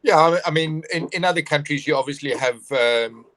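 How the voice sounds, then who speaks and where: A man as a guest in a casual interview chat, speaking in a measured, thoughtful way with dry humor. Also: a little high, a bit bright, low-quality recording.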